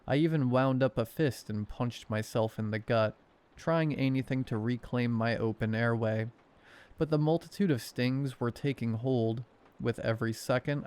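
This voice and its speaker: Male horror narrator, sardonic, mid-pitched, smooth resonant voice. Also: darkish tone. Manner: wry, sardonic storytelling. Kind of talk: horror story narration for sleep.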